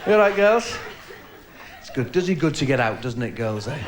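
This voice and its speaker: A man's voice: mid-range voice, big pitch swings, moderate pace. A man from England doing live stand-up with a northern English accent, bantering cheekily with the audience and acting out the voices of his characters. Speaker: stand-up comedian. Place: comedy club before a live audience. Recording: live recording with crowd and room noise.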